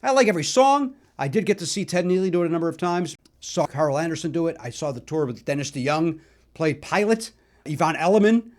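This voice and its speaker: A middle-aged man from the Chicago area hosting a solo podcast, telling stories in a chatty, animated way with lots of fillers. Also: a little high, a little fast. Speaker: podcast host. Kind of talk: solo musical nostalgia talk.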